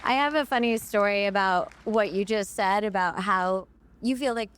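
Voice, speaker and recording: A woman on a fan convention panel, telling anecdotes in a casual, animated way and acting out the quotes. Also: mid-range voice, moderate pace, a faint crowd, slight background noise. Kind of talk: casual storytelling to a crowd.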